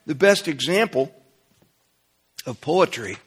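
A man preaching a sermon in a conversational way, often checking in with his listeners and rising in pitch and volume when he gets animated. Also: takes it slowly, breathy edge. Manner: conversational, asks the congregation "okay?".

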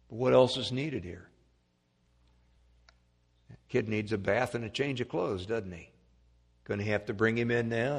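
A man preaching a sermon, emphatic, swinging from loud peaks to quiet asides. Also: husky. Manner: emphatic, rising to loud peaks then dropping low. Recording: long hall reverb.

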